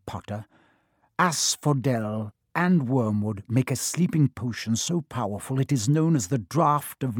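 A man's voice: mid-range voice, darkish tone, husky, no room sound, studio quality. Snape, a man voicing a cold sneering teacher.

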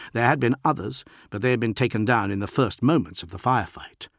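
A man narrating an audiobook in a steady, dramatic reading. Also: lowish voice, no echo, clean studio sound.

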